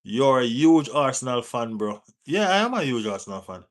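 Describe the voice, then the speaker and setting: Jamaican-accented male streamer, mid-pitched, loose and chatty, reads chat and ribs viewers. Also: moderate pace. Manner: reads out and answers viewer chat, teases, urges likes; relaxed patois-tinged phrasing. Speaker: football livestream host. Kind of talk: casual live chat.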